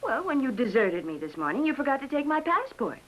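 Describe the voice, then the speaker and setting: An actress playing a spirited, exasperated American wife, in 1950s TV drama style. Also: female voice, high voice, brisk. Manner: exasperated and lively.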